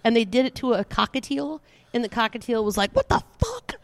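A podcast co-host riffing in a lively, casual chat, quick to laugh and happy to trade crude jokes. The voice is recorded dry and close, with no room sound behind it. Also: medium pitch, creaky, dry recording.

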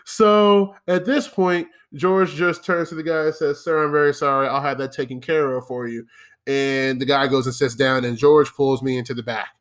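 A young man hosting, telling a profane story about his old job in a casual, animated monologue that turns into rants at the listener. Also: mid-range voice, normal speed. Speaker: podcast host.

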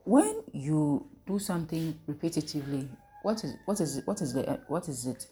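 Woman preacher, low voice, mellow tone, call-and-response Bible lesson. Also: very animated, normal speed. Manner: call-and-response, asks the listeners questions. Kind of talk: interactive Bible teaching.

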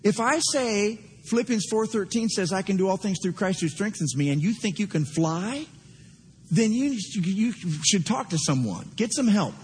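A man preaching a sermon with strong passion, swinging between loud highs and low hushed tones. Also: animated, normal speed, a little hiss or hum. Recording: echoey church hall sound.

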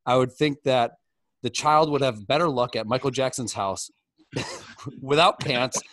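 A man's voice: mid-range voice, measured pace, fairly bright tone, no echo. Man, middle-aged, casual crude banter, joking, rambling, dry close sound. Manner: joking, rambling, reads a roast speech aloud.

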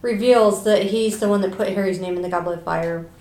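A middle-aged woman with an ordinary mid-pitched voice, calmly walking through a movie's plot and pulling the chat back whenever it drifts. Her voice carries an echo from the room around her. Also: a little fast. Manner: steady storyteller, keeps steering back on track. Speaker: podcast co-host, mother. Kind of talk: casual chat recapping a film.

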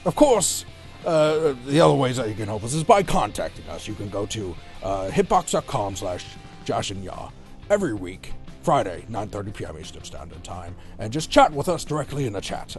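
A man's voice: fairly low pitch, very animated, normal speed, over music. A man co-hosting a podcast in casual chat, teasing and laughing often. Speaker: podcast co-host.

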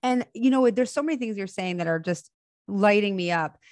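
A woman's voice: mid-range voice, lively intonation, brisk, darkish tone, no echo, studio quality. A woman in her thirties hosting a podcast, talking casually and enthusiastically in spiritual terms. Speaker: podcast host. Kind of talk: casual conversation.

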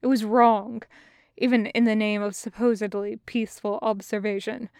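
A woman voicing a gentle, guilt-ridden male alien captor in a hushed, quiet voice for an audio story. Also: mid-range voice, little pitch movement, moderate pace, clean tone, dry recording, clean studio sound, lightly acted. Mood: ashamed. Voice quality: soft, hushed. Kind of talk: podfic voice acting.

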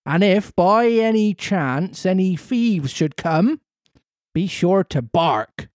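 A man voicing an angry, gruff middle-aged farmer with a put-on Cornish accent, speaking slowly and roughly. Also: high-pitched, animated, no room sound, studio quality, pitched above the performer's own voice. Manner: slow, rough, threatening.

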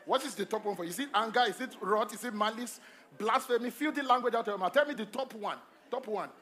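A male pastor preaching a sermon at a church service, emphatic and repetitive, swinging between loud calls to the congregation and quiet asides. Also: high voice, quick pace. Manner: repeats phrases and asks the congregation questions.

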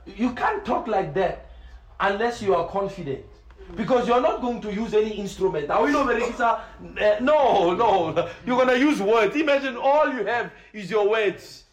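A man, a preacher telling a story in an excited way, often repeating words and laughing as he talks. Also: high voice, normal speed, roomy sound, rough recording. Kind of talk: animated storytelling.

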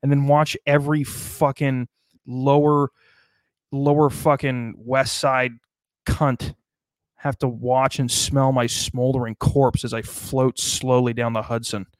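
A man's voice: medium pitch, little pitch movement, slow pace, dry recording, clean studio sound. A man in casual podcast chat, riffing in long, profane, rambling tangents. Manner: profane, rambling comic riffs.

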